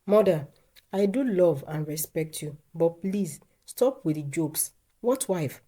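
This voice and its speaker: A woman voicing a calm, reasonable husband in a storybook tale. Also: lowish voice, slow, husky, heavily acted. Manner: calm, patient, reassuring.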